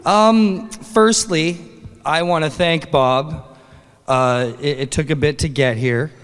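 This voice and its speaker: A man's voice: fairly high pitch, slow pace, slight background noise. A man with a Canadian accent emceeing a live awards ceremony on a convention stage, upbeat and joking as he reads out nominees. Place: large convention hall stage. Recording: long hall reverb.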